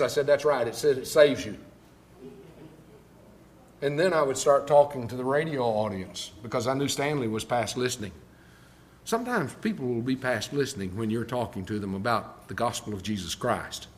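An older man preaches a sermon in an animated mid-range voice at normal speed. He moves between quiet storytelling and loud, emphatic declarations.

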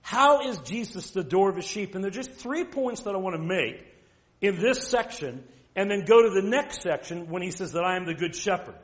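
Speaking in a high pitch with lively intonation, this man delivers a sermon that is forceful and direct, full of rhetorical questions and slow scripture readings.

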